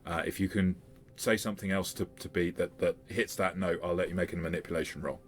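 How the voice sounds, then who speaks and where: A man's voice: sits low, fairly even intonation, quick pace, soft background music. A man running a tabletop game as game master, talking things through with frequent fillers. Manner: hesitant, with fillers and restarts.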